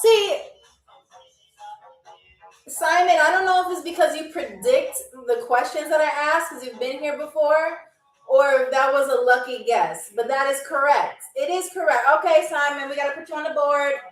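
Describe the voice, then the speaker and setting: Woman with a high voice running a live quiz show, joking with chat, echoey room, mic kinda far. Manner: playful, teasing chat with commenters; slow, careful spelling-out of foreign phrases. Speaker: game show host. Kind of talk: live-streamed trivia game show hosting. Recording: echoey room, away from the mic, faint music.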